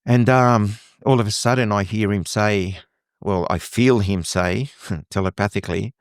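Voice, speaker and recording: A middle-aged man from Lebanon with a lowish voice tells his story vividly and acts out the lines he heard. The sound is close and dry, with no room around him. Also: normal speed, vocal fry, no room sound. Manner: animated storytelling, acting out quoted dialogue. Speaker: guest. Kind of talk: conversational interview.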